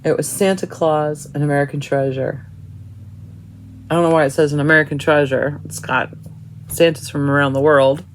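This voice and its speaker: A woman's voice: sits low, fairly even intonation, a little fast, a little hiss or hum, low-quality recording. A woman casually showing her cross stitch chart books to viewers, chatty and admiring, thinking aloud as she flips pages. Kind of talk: casual show-and-tell of craft books.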